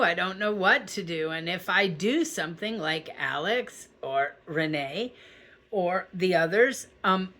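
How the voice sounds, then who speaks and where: Speaking directly to viewers of her spiritual channel, this woman has a lowish, slightly bright voice. Her talk to camera is casual and heartfelt, full of reassurance, and she keeps checking in with "okay?".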